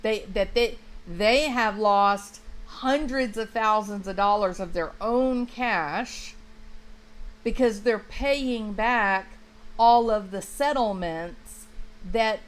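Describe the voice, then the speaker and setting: Slow, emphatic woman chatting. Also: mid-range voice, rough recording. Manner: chatty, emphatic, restarts often, talks to viewers by name. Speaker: true crime livestream host. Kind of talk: casual livestream commentary, reading chat.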